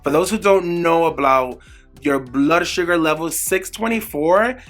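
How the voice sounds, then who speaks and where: A young man recounts a personal story straight to camera, candid and animated. His voice sits a little high and sounds bright. Soft music plays faintly underneath. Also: a little slow. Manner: animated, candid, acts out quoted exchanges. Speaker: vlogger.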